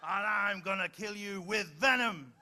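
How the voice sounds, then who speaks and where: A man voicing a menacing male villain in a hammy stage melodrama, with a long loud cackle and a growling trill. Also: sits high, unhurried, full character voice. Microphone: handheld mic.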